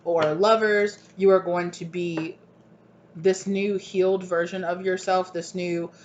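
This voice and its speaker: A woman's voice: fairly low pitch, little pitch movement, measured pace. A woman giving a channeled collective tarot reading, rambling and gushing and often asking "right?". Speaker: tarot reader. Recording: dull lo-fi recording, faint hiss.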